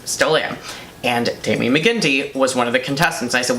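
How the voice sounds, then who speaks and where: A young man co-hosting a casual chat and telling a self-mocking story with animated energy. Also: medium pitch, moderate pace. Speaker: co-host. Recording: echoey room, faint noise.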